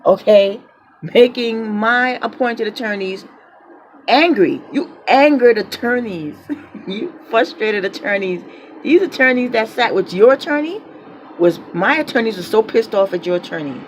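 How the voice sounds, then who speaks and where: A public housing tenant with a New York accent films her apartment indoors for an angry phone-camera vlog, venting with defiant, repeated phrases and laughing between lines. Her voice is fairly high, lively and unhurried, on a rough recording with slight hiss or hum.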